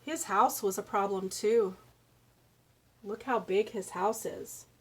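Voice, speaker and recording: A woman giving a children's speech lesson, reading a picture book aloud and slowly modeling words for a young child to repeat. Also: mid-range voice, slight background noise. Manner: slow, encouraging, exaggerates word sounds for a child. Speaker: speech therapist.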